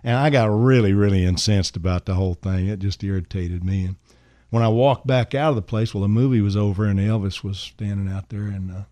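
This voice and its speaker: A man's voice: fairly low pitch, fairly quick, hardly any pauses, dark tone, dry recording. An older man, a songwriter, telling a rambling anecdote on a radio show in an easygoing way, full of fillers and "man". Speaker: songwriter and guest. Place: radio studio.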